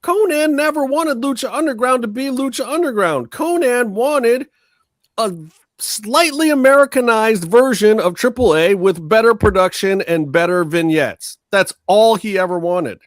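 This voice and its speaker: A man's voice: very high-pitched, normal speed, dry recording. A man co-hosting a wrestling podcast, chatting casually, swearing freely, laughing often. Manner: profane, laughing, does mocking voices of others. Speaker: podcast co-host. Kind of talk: casual chat.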